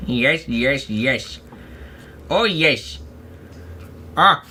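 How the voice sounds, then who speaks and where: Male streamer, bright sharp voice, slow rambling goofy chatter. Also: a little high, animated, slight background noise. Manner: rambling, goofy self-talk with playful asides. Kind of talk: casual livestream chatter while crafting.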